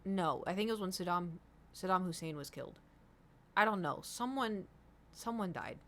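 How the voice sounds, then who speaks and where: A woman's voice: lowish voice, animated, normal speed, a bit bright. A young woman streaming from home, chatting casually and rambling to her viewers, swearing now and then. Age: young adult.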